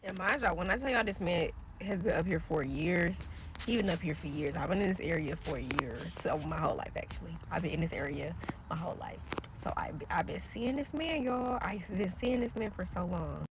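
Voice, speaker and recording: A woman's voice: lowish voice, normal speed, noisy background. A woman earnestly recounting a personal faith story to her followers. She rambles, trails off and keeps speaking to viewers directly. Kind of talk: casual spoken testimony to followers.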